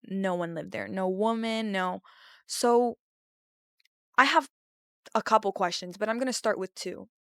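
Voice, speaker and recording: Smooth-voiced woman telling a spooky story. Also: mid-range voice, unhurried, long pauses, no echo, studio quality. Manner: animated, acts out quotes, swears casually. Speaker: podcast host. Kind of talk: casual storytelling.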